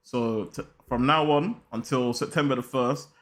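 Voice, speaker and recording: Young male host, slangy and excitable, middling pitch, direct to camera. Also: normal speed, slight background noise. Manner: slangy, hyped, talks straight to viewers. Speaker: football channel host. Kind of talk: casual football vlog chat.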